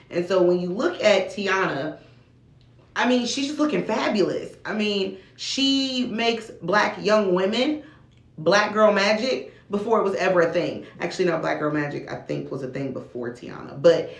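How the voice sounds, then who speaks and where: Chatty woman vlogger in an echoey room. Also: fairly low pitch. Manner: chatty and relaxed, with casual slang. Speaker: video blogger. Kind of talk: casual chat to camera.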